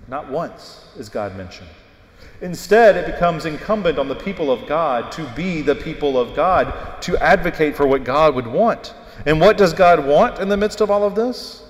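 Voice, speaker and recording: A male preacher giving a sermon, animated and emphatic as he tells the story. His voice sits fairly high for a man, and the church rings with a long reverb. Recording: echoey hall with long reverb.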